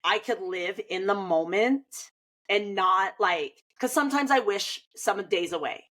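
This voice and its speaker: In a rough recording, a thirty-something swim coach chats in a casual conversation, her medium-pitched voice unhurried. She retells things animatedly and leans heavily on "like" as a filler.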